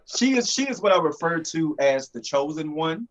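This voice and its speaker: A man, a comic creator, answering interview questions and explaining his story in a measured, relaxed way. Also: fairly high pitch.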